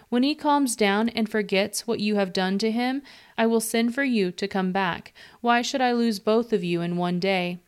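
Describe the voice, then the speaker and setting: A woman reading a Bible passage aloud with a steady, even storytelling delivery. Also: mid-range voice, clear, resonant tone. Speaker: scripture reader. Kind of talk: scripture reading.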